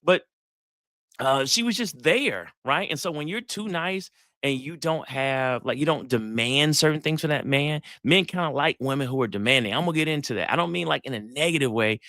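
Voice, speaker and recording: Guy hosting a live dating talk, slangy storyteller, crisp dry audio. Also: on the high side, normal speed, no room sound. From Atlanta, US South. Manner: animated storyteller, acts out quotes, slangy. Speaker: psychologist hosting a live session.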